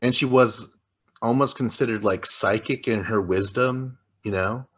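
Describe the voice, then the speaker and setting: A man's voice: medium pitch, measured pace, a bit bright, muffled recording. A man co-hosting a podcast, chatting casually and profanely about a reality show, joking and rambling. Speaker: podcast co-host. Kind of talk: casual podcast recap chat.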